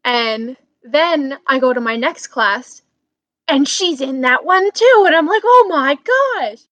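A young woman in college telling a story over a video call, animated and breaking into loud exclamations. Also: high voice, slow, no room sound. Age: young adult. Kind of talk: casual chat.

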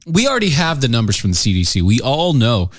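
A man's voice: medium pitch, big pitch swings, fast, no room sound, studio quality. A man co-hosting a casual political podcast, emphatic and incredulous as he reads news items aloud. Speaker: podcast co-host.

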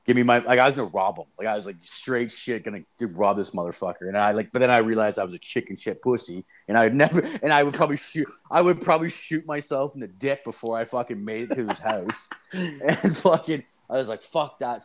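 A young man telling a story in casual chat, rambling and swearing with lots of fillers. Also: fairly low pitch.

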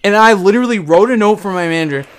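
A man's voice: high-pitched, quick pace, very noisy. A young man co-hosting a casual podcast, telling a work story with lots of swearing and acting out what people said. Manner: animated storytelling, re-enacting his own quotes, swearing. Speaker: podcast co-host. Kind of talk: casual chat.

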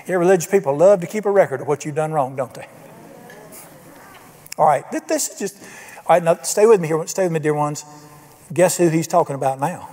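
Older pastor, emphatic folksy sermon delivery, slightly high voice, church reverb. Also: male voice, warm tone. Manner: folksy, emphatic, asks the congregation questions. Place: church sanctuary.

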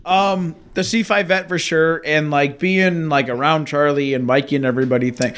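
A man's voice: on the high side, steady tone, normal speed, a bit bright, clean tone. A man co-hosting a casual podcast, talking with enthusiasm and swearing as he teases his friends. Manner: enthusiastic, profane, teasing. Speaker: podcast co-host.

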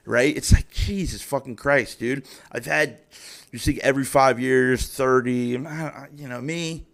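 Gravelly and medium-pitched, this thirtysomething man hosts a podcast where he delivers a profane, heated rant full of restarts. Despite the content, his tone is steady and his pace measured.

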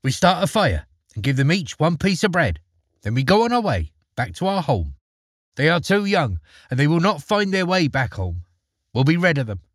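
A man's voice: a little high, big pitch swings, normal speed, dry recording, studio quality, pitched above the performer's own voice. A man reading a storybook and voicing a harsh, cold-hearted peasant wife who scolds her husband. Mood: scheming. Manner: scolding, pushes hard.

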